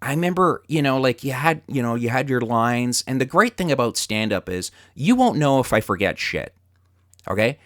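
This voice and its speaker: A man hosting a podcast, telling stories in casual chat, swearing freely and getting loud as he relives his anger. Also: medium pitch, normal speed, no room sound, clean studio sound. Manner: animated storyteller, swears freely, gets loud retelling anger. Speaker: podcast host.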